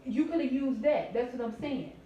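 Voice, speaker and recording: A woman with a high voice scolds from across a house and barks out orders. She sounds far from the mic, bouncing off the walls. The sound is dull and muffled, with faint noise behind it. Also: lively intonation, normal speed. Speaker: family member at home. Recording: distant, echoey, dull.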